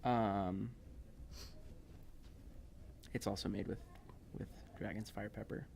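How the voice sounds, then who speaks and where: A man's voice: on the low side, steady tone, takes it slowly, creaky, a little mellow, slight background noise. A man narrating a tabletop game as game master, loose and rambling with fillers.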